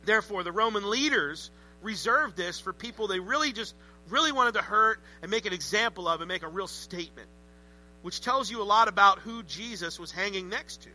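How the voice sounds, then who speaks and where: A man preaching a sermon in a conversational, animated way with joking asides. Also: high voice, a little fast, rough recording. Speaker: pastor.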